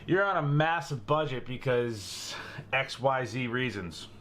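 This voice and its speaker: A man's voice: medium pitch, animated, a little slow, a bit bright, slight background noise. A young man with a Boston accent hosting a casual gun-maintenance how-to, chatty and jokey, calling his viewers guys and bro. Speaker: gun channel host.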